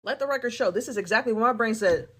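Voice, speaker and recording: A young woman telling a personal story in a casual, animated storytime style, with laughs and dramatic asides. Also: on the high side, fast, slight background noise.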